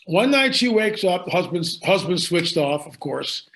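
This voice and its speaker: A man's voice: sits high, sing-song, a little slow, a bit bright. A man telling a story in conversation, emphatic and dramatic, repeating lines for effect. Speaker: guest storyteller.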